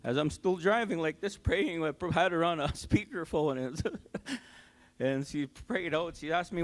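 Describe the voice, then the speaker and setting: Older man with a raised voice, giving a halting testimony. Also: a little high, expressive, faint music behind. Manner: halting, heartfelt storytelling with many fillers and restarts. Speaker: church member giving testimony. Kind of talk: personal testimony at a church service. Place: community hall church service.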